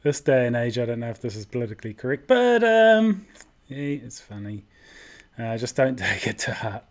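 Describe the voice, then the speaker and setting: A man's voice: mid-range voice, big pitch swings, normal speed, a little hiss or hum. A man from New Zealand with a New Zealand accent, giving casual, hesitant reaction comments. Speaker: reaction video host.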